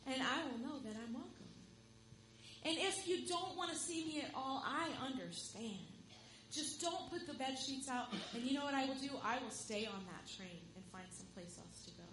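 A woman's voice: high voice, moderate pace. Woman voicing a nervous homesick young woman. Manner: pleading, soft and earnest. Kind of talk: church story voicing. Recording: echoey room with steady hum.

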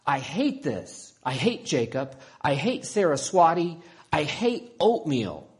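A man voicing an angry little girl, shouting in a loud high voice. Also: sing-song, slow pace. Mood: furious. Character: angry little girl having a bad day.

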